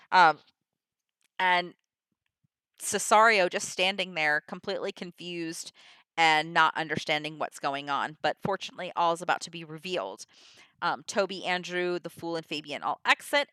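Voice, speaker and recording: A woman's voice: medium pitch, pushed and bright, clean tone, no echo, clean studio sound. A young woman casually retelling a play's plot, chatty with fillers and asides. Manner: chatty, many fillers and asides, brief laughs. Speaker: teacher retelling a play. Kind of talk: casual plot summary with read quotes.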